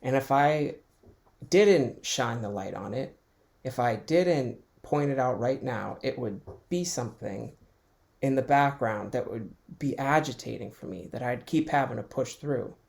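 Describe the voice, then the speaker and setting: A man's voice: medium pitch, measured pace, gravelly, a little mellow. A man hosting his own podcast from home, talking through his thoughts in a rambling, reflective way and chuckling often. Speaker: podcast host. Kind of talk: casual solo monologue.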